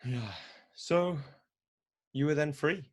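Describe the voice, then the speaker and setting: A man's voice: a little high, slow pace. A man hosting a coaching podcast, responding in a reflective, affirming way with slight hesitations. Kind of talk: interview conversation.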